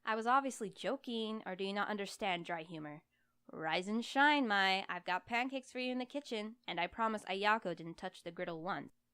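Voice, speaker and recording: A woman's voice: medium pitch, moderate pace, bright, forceful tone, clear, resonant tone, natural voice. A woman voicing a playful grown man who teases in a sing-song way, in a storybook reading. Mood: teasing.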